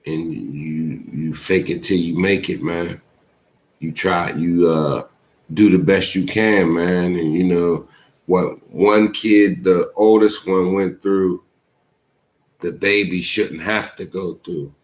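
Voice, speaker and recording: A man's voice: sits low, steady tone, takes it slowly. A man hosting a show, speaking in a heartfelt, preachy casual monologue with a habit of saying "man" often. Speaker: host.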